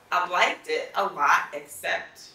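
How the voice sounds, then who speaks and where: A woman's voice: fairly low pitch, vocal fry, roomy sound, far from the mic. A woman co-hosting a casual podcast chat about parenting and movies, telling stories emphatically. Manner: animated, emphatic storytelling. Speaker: podcast co-host.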